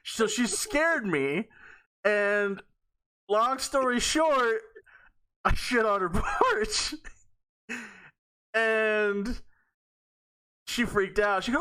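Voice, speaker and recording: A man's voice: high-pitched, expressive, slow pace, long pauses, pushed and bright. A man hosting a podcast, telling a rambling, profane story in casual talk and often laughing mid-sentence. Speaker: podcast host.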